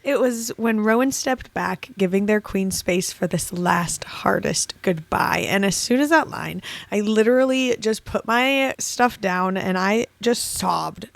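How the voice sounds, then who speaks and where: A woman's voice: medium pitch, measured pace, gravelly, hardly any pauses. A young woman co-hosting a casual book club podcast, talking emotionally and laughing through tears. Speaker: podcast co-host.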